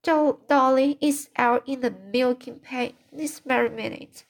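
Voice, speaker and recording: A woman reading aloud, voicing an impulsive, excitable young girl in distress, fretful and pleading. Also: high-pitched, unhurried, gravelly, pitched above the performer's own voice.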